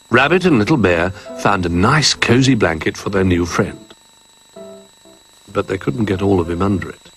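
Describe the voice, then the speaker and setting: A man reading a children's story aloud in an expressive, animated way. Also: fairly low pitch, normal speed, soft background music, low-quality recording.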